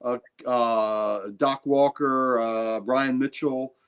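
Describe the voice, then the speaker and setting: A man's voice: mid-range voice, fairly even intonation, takes it slowly, clean tone, highs cut off. A man co-hosting a comic book stream, chatting in an easygoing, rambling way with plenty of fillers. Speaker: co-host. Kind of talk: casual chat.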